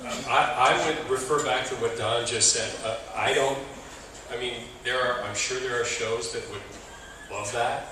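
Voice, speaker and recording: A man's voice: medium pitch, steady tone, normal speed. Blunt man on a panel, distant and echoey, with a noisy room behind him. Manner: firm, insistent, repeats points. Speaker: panelist, radio professional. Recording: echoey hall, recorded from far off.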